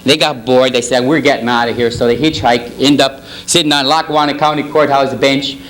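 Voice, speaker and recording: A man's voice: medium pitch, a little fast, natural voice, poor audio. A man playing a sly middle-aged Italian parish priest with a put-on Italian accent and broken English, telling jokes at a banquet. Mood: deadpan. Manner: deadpan, rambling joke delivery, broken English. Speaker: banquet humorist. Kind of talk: stand-up roast at a banquet. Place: banquet hall.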